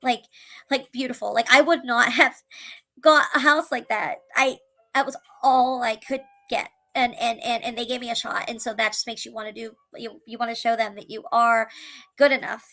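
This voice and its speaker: A woman's voice: on the high side, fairly even intonation, normal speed, bright, forceful tone, rough recording. A woman, a single mother, earnestly telling her own life story to camera, emotional, with tumbling restarts and repeated words. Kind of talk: candid personal storytelling to camera.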